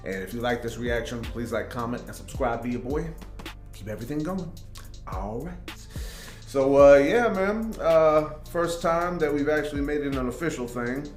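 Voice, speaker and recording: A man's voice: mid-range voice, normal speed, roomy sound, soft background music. A man hosting a reaction video, talking in a laid-back, casual way with lots of fillers. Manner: laid-back, filler-heavy, laughs along. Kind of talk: casual chat.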